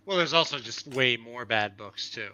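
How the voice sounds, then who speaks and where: Joking male co-host, very bright and lively, video-call banter. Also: mid-range voice, normal speed, highs cut off, slight background noise. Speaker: comic book livestream co-host. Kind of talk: casual live-stream chat.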